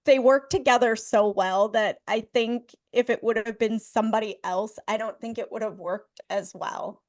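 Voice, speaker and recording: A woman's voice: fairly high pitch, fairly even intonation, normal speed. Bubbly middle-aged woman co-host. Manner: bubbly, gushing, emphatic. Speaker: podcast co-host. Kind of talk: casual movie review chat.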